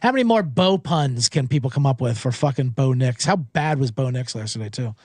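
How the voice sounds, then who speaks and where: A man's voice: medium pitch, animated, moderate pace, darkish tone, no echo. A man hosting a sports betting show, recapping games in a rambling, profane, joking way and slipping into mocking voices.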